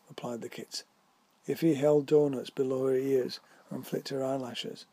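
A man reads a whimsical story aloud at a measured pace. His voice is mellow and dark with a husky edge. The recording is close and dry. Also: medium pitch, steady tone, dry recording. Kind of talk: scripted story narration.

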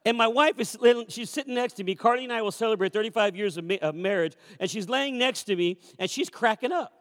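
A man in his fifties delivers a sermon as a pastor, telling stories in a fairly high voice. He swings between loud calls and quiet asides. His words trail off in the long reverb of a church sanctuary. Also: quick pace. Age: 50s. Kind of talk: sermon with storytelling.

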